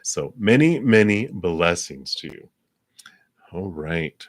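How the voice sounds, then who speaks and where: A man giving live tarot card readings in a gentle, spiritual way, chuckling often and using many fillers. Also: low voice, lively intonation, slow.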